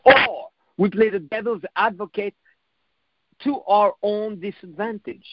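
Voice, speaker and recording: A man's voice: sits high, measured pace, dull audio, heavy background noise. A man giving a motivational self-help talk in a reflective coaching manner, repeating phrases and swearing now and then.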